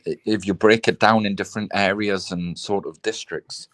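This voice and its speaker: A man's voice: fairly low pitch, fairly even intonation, normal speed, fairly bright tone, no echo. A man chatting as a guest on a live stream, thoughtful and hedging with "you know" and "sort of". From South Africa. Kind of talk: casual chat on a live stream.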